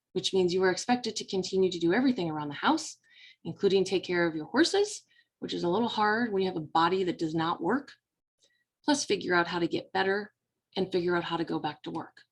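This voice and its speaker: A woman's voice: on the low side, breathy edge. Middle-aged woman, life coach, earnest motivational talk straight to the viewer. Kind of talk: personal story told to camera.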